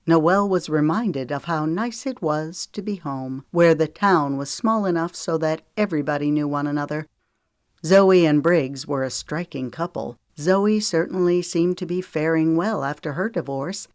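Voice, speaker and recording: A woman narrating a romance audiobook in a calm, measured way. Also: low-pitched, no room sound, studio quality. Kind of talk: scripted narration.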